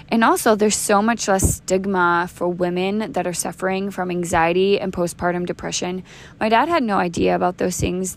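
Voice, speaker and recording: On her podcast, a woman in her thirties earnestly shares her own faith testimony in a conversational style. She has a lowish voice and often restarts and uses fillers.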